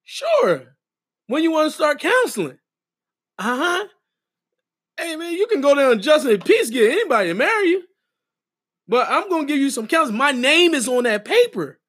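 Emphatic high-voiced middle-aged man. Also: sing-song, brisk, a bit bright. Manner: emphatic, repetitive, preacher-like. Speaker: podcast co-host and wedding officiant. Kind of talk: casual podcast chat.

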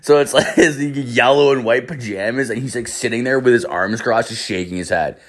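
A man's voice: mid-range voice, moderate pace. A man casually telling a rambling, profane story as a vlogger, piling up "I was like" asides.

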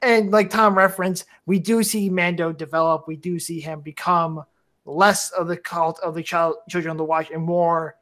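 Brief: excitable fan host, mid-range voice, rambling casual review chat. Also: medium pitch, moderate pace. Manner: enthusiastic, rambling with restarts and laughs. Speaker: podcast host.

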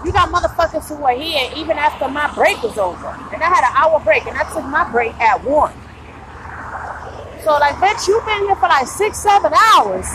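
A woman's voice: high voice, noisy background. A tired woman in pain, venting bluntly and profanely about customers at her retail job in a casual podcast monologue.

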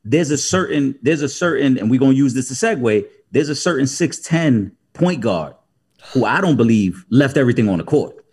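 A man with a husky, slightly rough voice at an ordinary pitch, co-hosting a podcast. He talks in a relaxed, slangy way and leads the conversation into new topics. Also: moderate pace. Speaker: podcast co-host. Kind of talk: casual podcast chat.

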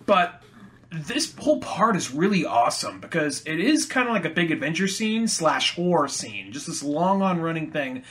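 A man's voice: fairly high pitch, sing-song, moderate pace, fairly bright tone. A man hosting a podcast, chatting in a laid-back, rambling way and swearing freely. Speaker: podcast host. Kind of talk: casual chat.

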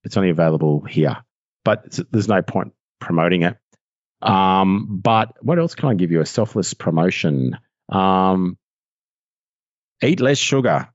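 An Australian man with a low voice rambles excitedly through casual podcast chat and keeps laughing at himself. His voice comes through dry and a little dull, like a lo-fi remote recording. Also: unhurried, dry recording. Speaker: voiceover artist guest.

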